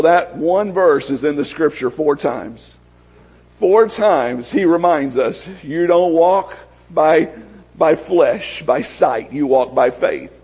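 A male pastor delivers a sermon in a high, husky voice. He moves between soft, prayerful passages and excited, fervent exclamations. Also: poor audio.

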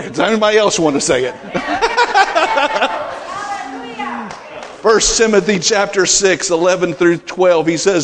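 A middle-aged pastor preaches a sermon in a hall with long reverb, his voice high, animated, and fairly bright. At a measured pace with frequent pauses, he builds emphasis through rising, repeated declarations.

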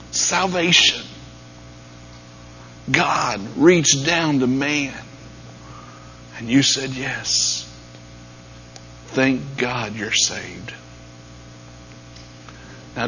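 A man preaching a sermon, dropping to near-whispers and then rising to loud, emphatic peaks. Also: fairly high pitch. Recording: dull lo-fi sound with faint mains hum.

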